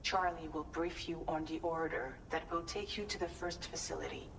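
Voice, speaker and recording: An actress voicing a composed female leader in a game, who speaks in a steady, authoritative way. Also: low voice, moderate pace, noisy background. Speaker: game character, leader giving orders.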